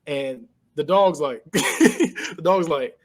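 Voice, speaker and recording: A man with a slightly high voice takes his time as he casually recaps a movie on a podcast. His storytelling is animated, and he acts out the characters' lines with laughter.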